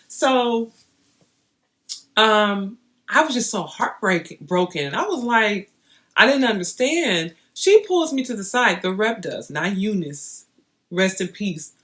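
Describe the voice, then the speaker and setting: A woman's voice: mid-range voice, slow. Chatty young woman telling a story. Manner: chatty and animated, talking straight to her viewers. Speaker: vlogger. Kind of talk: casual storytelling to camera.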